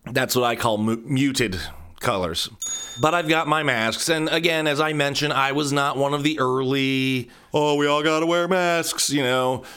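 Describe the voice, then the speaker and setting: An adult podcast host from central Ohio rambles through a casual solo monologue packed with self-mocking, jokey asides. His mid-range voice is bright, forceful and smooth, and he speaks a little slowly.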